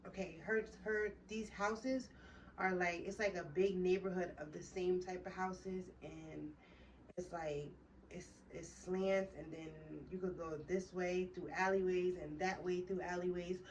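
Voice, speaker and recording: A woman's voice: on the low side, fairly even intonation, a little slow. A young woman vlogger tells a heated, rambling, profane story in a casual way. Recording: distant mic with faint background noise.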